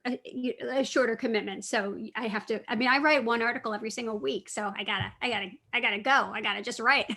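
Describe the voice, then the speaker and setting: A middle-aged woman author chatting with students, telling stories in a lively way and correcting herself as she goes. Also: fairly high pitch, fast, gravelly. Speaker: cookbook author and food writer. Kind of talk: casual talk answering students' questions.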